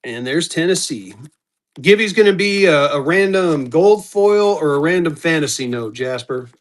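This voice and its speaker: A man's voice: on the high side, expressive, normal speed. A man hosting a live-stream auction, chatting casually and calling out bidders as they come in. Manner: upbeat, chatty, calls out bidders.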